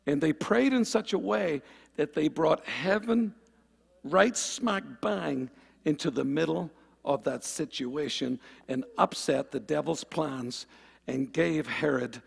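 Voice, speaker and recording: A man preaching a fervent sermon, calling on the congregation for amens and swinging between loud and quiet passages. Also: a little high, vocal fry, husky, long reverb tail.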